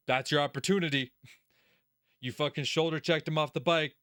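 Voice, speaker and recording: Animated, profane man commenting on a game. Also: a little high, normal speed, clear, resonant tone, no room sound, studio quality. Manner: animated, profane, laughs often, talks straight to the character. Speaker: let's play host. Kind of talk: casual gaming commentary.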